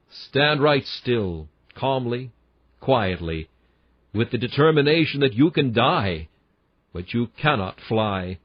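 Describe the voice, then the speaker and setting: A man's voice: mid-range voice, dry recording, highs cut off. A man reading a classic sermon aloud in an emphatic, earnest preaching cadence. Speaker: sermon reader.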